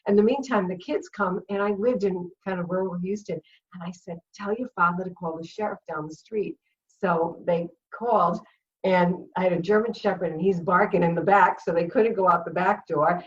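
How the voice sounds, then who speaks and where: A woman's voice: lowish voice, moderate pace, distant mic, lo-fi sound. A middle-aged woman with a Rhode Island accent, a guest on a video chat show, telling a story with lots of laughs and acted-out quotes. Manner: animated storyteller, laughs often, acts out quotes. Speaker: guest, comedian and former cheerleader.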